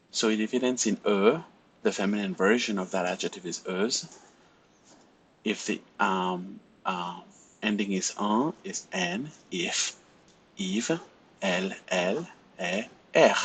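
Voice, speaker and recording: French teacher, male, slightly low and husky, methodical lecturing, frequent "right?" check-ins. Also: fairly bright tone, poor audio. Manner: explains step by step, often checks with "right?". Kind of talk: recorded classroom lecture.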